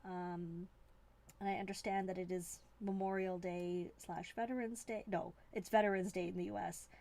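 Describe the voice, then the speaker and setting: A woman's voice: medium pitch, level tone, normal speed, vocal fry, warm tone. A woman from Canada hosting a live stream, chatting in a rambling, playful, self-mocking way from a desk indoors. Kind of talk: casual live-stream chat.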